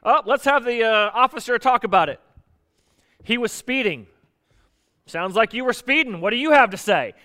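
A preacher playing a pompous, overbearing small-town judge in a mock-formal voice. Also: male voice, extremely high pitch, lively intonation, normal speed, long pauses, bright, forceful tone, pitched above the performer's own voice, heavily acted.

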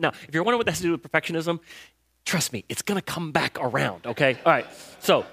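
A man's voice: on the high side, big pitch swings, fast, pushed and bright. A man preaching a sermon in a casual, conversational way, retelling Bible stories in slang and quizzing listeners with rhetorical questions. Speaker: pastor.

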